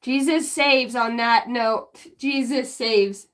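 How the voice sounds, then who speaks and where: A middle-aged woman chats on a live stream with a high, bright voice. She is goofy and self-mocking, laughs often and swears freely. She is offering spiritual readings in loose, rambling talk. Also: steady tone, slow pace. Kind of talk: casual live-stream chat.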